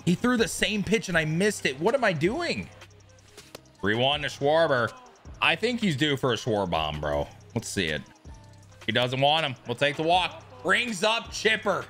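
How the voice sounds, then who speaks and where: A young man streaming a baseball video game, commenting casually, swearing and yelling at big plays. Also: fairly high pitch, normal speed, soft background music. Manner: excitable, yells at big plays, swears, talks to chat. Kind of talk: live gameplay commentary.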